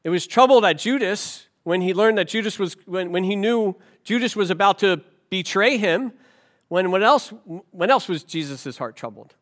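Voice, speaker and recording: A man's voice: high voice, animated, moderate pace, a bit bright. A middle-aged male pastor preaching a sermon, telling a story with animation and asking rhetorical questions.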